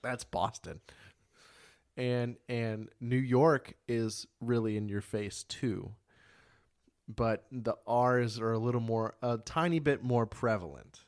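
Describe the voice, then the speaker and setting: A man's voice: medium pitch, fairly even intonation, takes it slowly, darkish tone. A young man co-hosting a podcast in casual chat, swearing freely, laughing often and trying out regional accents. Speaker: podcast co-host.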